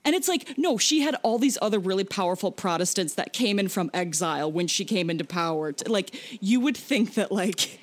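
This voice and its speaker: A woman's voice: mid-range voice, expressive. Woman, podcast co-host, casual and chatty. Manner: chatty, quick asides, lots of "like". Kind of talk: casual film review chat.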